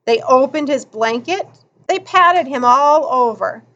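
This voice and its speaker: Audiobook narrator, woman, high bright voice, animated, unhurried. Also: dull audio. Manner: expressive, deliberate.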